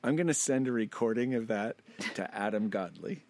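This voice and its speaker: Lively chatty man on a podcast. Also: on the low side, normal speed, dry recording. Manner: chatty, laughs often. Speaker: podcast co-host. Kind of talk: casual chat.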